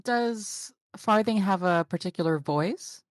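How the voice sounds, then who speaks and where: A woman's voice: mid-range voice, unhurried, no room sound, studio quality. A woman hosting a podcast and interviewing a guest with brief, prompting questions. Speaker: podcast host.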